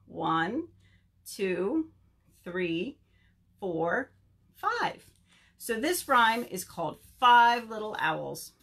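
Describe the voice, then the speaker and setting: A woman librarian leading a virtual story time, reading a picture book aloud and chatting to young children in an animated way. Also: medium pitch. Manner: animated, slow, talks to children.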